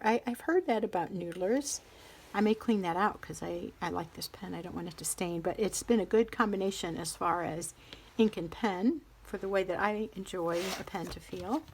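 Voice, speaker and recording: A middle-aged woman casually chatting through a pen and ink review, rambling and interrupting herself as she thinks aloud. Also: medium pitch. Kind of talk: casual show-and-tell vlog.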